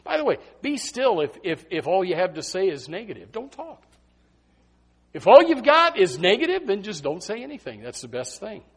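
Husky, lively-voiced preacher man. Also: high-pitched, fairly quick, few pauses. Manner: emphatic, repeats phrases, swings from hushed to loud. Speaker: pastor. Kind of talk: sermon. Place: church sanctuary.

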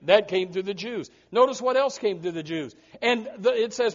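A man's voice: high voice, expressive, normal speed. A male preacher from the United States giving an emphatic sermon to a congregation, often repeating words as he restarts. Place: church before a congregation. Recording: dull lo-fi recording.

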